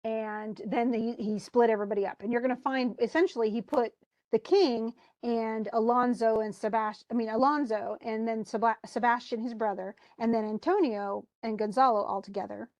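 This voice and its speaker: A woman's voice: on the high side, steady tone, normal speed, a little mellow, no echo, dull audio. A woman teacher talking a class through a play in casual, chatty explanations.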